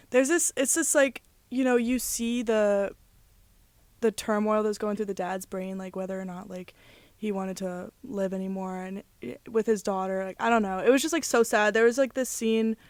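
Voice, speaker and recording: A woman's voice: medium pitch, fairly even intonation, moderate pace, a little mellow, no room sound. A young woman talks through a film she loved, rambling and leaning heavily on filler words. Her voice sits mid-range, recorded close and dry with no room sound. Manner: rambling, emotional, many "like" fillers. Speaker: podcast co-host. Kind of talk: casual movie chat.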